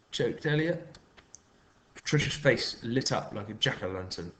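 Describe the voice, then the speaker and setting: A man, a teacher reading a children's story aloud in an expressive, lively way. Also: lowish voice, brisk, a little hiss or hum.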